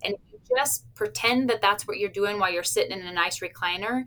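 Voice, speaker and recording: Speaking fast at a medium pitch with a fairly bright tone, this woman describes her work with cardiac stress tests in an interview. She stays upbeat and plain-spoken, sprinkling in little laughs and playful patient quotes.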